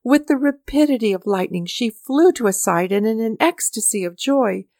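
A woman reading a story aloud as narrator, with measured, mournful storytelling. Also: a little high, lively intonation, a little mellow, no room sound, studio quality. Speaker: audiobook narrator. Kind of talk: scripted narration.

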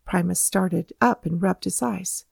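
A woman reading historical anecdotes aloud as a steady storybook narration, lifting her voice for quoted speech. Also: on the low side, measured pace, vocal fry, slightly rough, no room sound, clean studio sound. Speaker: audiobook reader. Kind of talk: scripted narration.

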